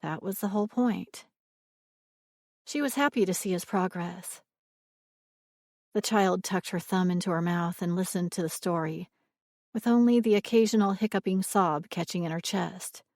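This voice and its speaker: A woman narrating a romance audiobook in a measured, expressive reading. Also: fairly low pitch, no room sound, studio quality.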